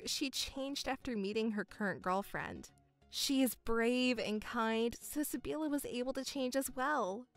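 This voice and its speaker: A woman voicing a calm, patient young woman who is about to be married, speaking in a measured, restrained way in a dramatized story reading. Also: fairly high pitch.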